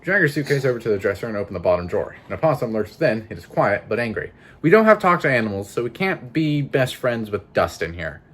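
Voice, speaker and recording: A man's voice: on the low side, expressive, quick pace, few pauses, breathy edge. A man reading a narrative game aloud with casual, swearing commentary and laughing asides. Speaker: gameplay streamer.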